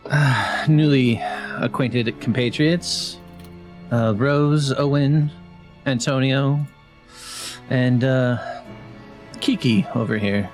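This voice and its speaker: A man's voice: medium pitch, takes it slowly, pauses often, over music. A man playing a bard in a tabletop game, speaking in a polite, formal way. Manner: formal, polite in-character speech. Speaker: player. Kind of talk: in-character tabletop play.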